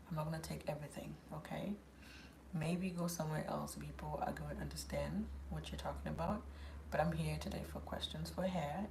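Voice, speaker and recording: A woman's voice: sits low, vocal fry, darkish tone, slight background noise. A woman hosting a casual live Q&A, reading out viewers' questions and answering them in a chatty, firm way. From South Sudan.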